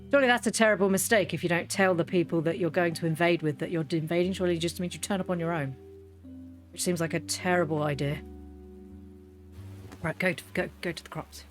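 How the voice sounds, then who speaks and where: A woman hosting a game video, chatting casually and animatedly, often cracking up with laughter. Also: fairly low pitch. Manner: giggly, animated, easily cracks up. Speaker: gaming video host. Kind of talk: casual gameplay commentary.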